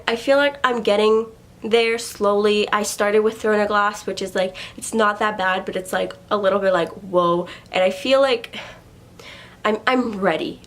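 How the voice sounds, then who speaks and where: Young woman, casual talker; loose, rambling vlog delivery full of fillers. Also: mid-range voice. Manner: rambling, lots of "like" and "just like". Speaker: book vlogger. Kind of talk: casual chat.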